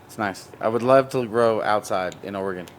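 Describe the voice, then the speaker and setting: A man's voice: lowish voice, a little fast. A man in casual podcast chat who rambles and jokes about plant breeding, often laughing. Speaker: cannabis breeder and show guest.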